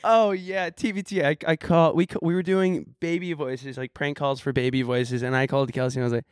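A man's voice: fairly high pitch, fairly even intonation, fairly quick, clear, resonant tone, dry recording, clean studio sound. A man co-hosting a podcast in casual, jokey chat. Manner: jokey, playful, breaks into silly voices. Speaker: podcast co-host.

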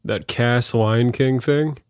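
A man's voice: mid-range voice, slow pace, a little mellow, clear, resonant tone, dry recording, studio quality. A man co-hosting a podcast, laid-back and hesitant in casual chat. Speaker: podcast co-host.

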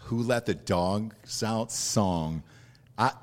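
A man's voice: lowish voice, drawn-out words. A man hosting a casual interview podcast, joking around and swearing freely. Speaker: podcast host.

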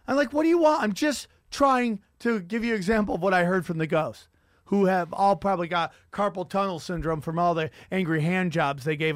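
A man hosting a podcast, telling stories in an animated, profane comedic rant. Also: on the high side, dry recording, clean studio sound. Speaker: podcast host.

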